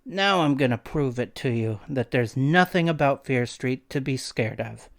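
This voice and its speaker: A man's voice: mid-range voice, expressive, normal speed, vocal fry. A man voicing a brash, mocking teenage boy who likes pranks.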